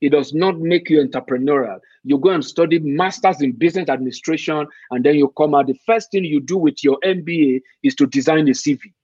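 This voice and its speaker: Man, higher husky voice, emphatic rhetorical questions, dull dry recording. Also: brisk, hardly any pauses, darkish tone, no echo. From Nigeria. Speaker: guest. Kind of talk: conversational interview. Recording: dull, muffled dry sound.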